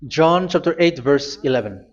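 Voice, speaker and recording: A man preaching a sermon, reading scripture aloud, halting and repeating phrases as he goes. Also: a little high, animated, lo-fi sound.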